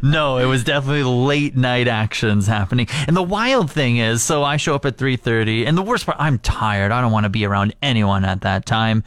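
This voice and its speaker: A young man co-hosting a morning radio show, animated and self-mocking, laughing a lot. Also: mid-range voice, fairly quick, hardly any pauses, no room sound. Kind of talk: casual radio banter. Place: radio studio.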